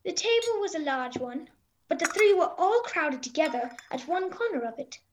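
Gentle storybook narrator, woman, high voice, measured delivery. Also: big pitch swings, noisy background.

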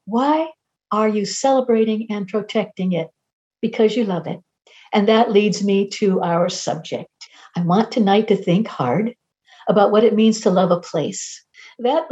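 A woman's voice: medium pitch, mellow. A middle-aged woman, a nature writer and philosopher, giving a lyrical keynote lecture in an imagistic style and playfully imitating bird calls. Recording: dull lo-fi broadcast audio.

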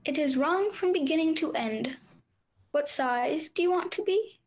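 Curt caterpillar for a storybook drama, high pitched, short blunt lines, voiced by a woman. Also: expressive, measured pace, dull audio. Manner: blunt, clipped replies.

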